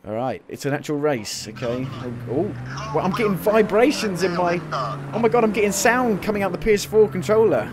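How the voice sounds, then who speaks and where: A man's voice: high-pitched, a little fast. Chatty young man over roaring race engines. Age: 20s. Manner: chatty and reactive, breaking into excited exclamations. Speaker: gamer playing a racing game demo. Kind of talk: casual gameplay commentary. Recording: loud racing game engine noise under the voice. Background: racing car engines from the game.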